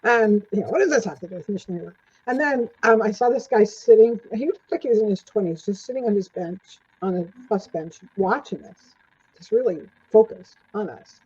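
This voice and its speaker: An older woman tells her stories as an interview guest, chatty and quick to laugh. Her voice is mellow and a little husky. The recording sounds dull and lo-fi. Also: medium pitch. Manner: chatty, laughs often, acts out quoted lines. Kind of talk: storytelling in a casual interview.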